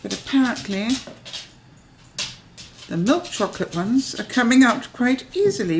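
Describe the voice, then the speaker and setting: A woman's voice: on the high side, sing-song, measured pace, long pauses, a little hiss or hum. A woman chatting casually in a home kitchen vlog, giggly and self-mocking. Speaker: home cooking vlogger.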